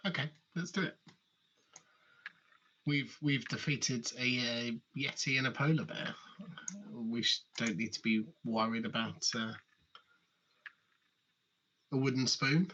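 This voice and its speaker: Man, mid pitch, bright tone, relaxed and agreeable, pauses and restarts; faint noise. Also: highs cut off. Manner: easygoing and agreeable, with hesitant restarts. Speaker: co-host playing the gamebook. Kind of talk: casual live-stream gamebook play-through.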